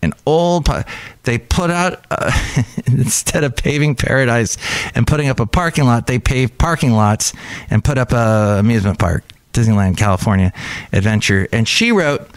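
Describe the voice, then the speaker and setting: A man's voice: mid-range voice, lively intonation, moderate pace, clean tone, no echo. A man hosting his own podcast, chatting casually and rambling from one aside to the next. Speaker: podcast host. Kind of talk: casual solo podcast chat.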